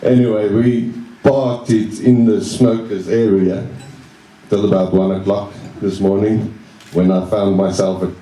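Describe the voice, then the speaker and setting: A young man giving a best man's wedding speech, halting and self-deprecating, chuckling along with his own jokes. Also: lowish voice, level tone, warm tone. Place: wedding reception room. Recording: roomy echo, mic at a distance.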